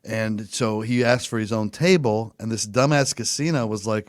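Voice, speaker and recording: A man's voice: fairly low pitch, normal speed, no echo, studio quality. A man co-hosting a podcast, telling rambling stories in casual, profane chat. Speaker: podcast co-host.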